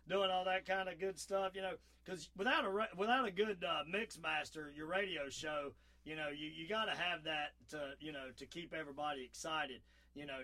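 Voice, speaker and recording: A man's voice: a little high, sharp tone. A man with a Southern accent hosting a casual radio talk show, folksy and rambling, full of fillers. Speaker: host.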